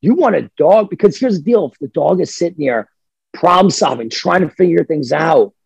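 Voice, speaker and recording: A man's voice: on the high side, moderate pace, creaky, slightly rough, no echo. A man who trains dogs, talking in a casual, emphatic way on a podcast and sometimes acting out what a dog thinks. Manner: emphatic, animated, acts out dog voices.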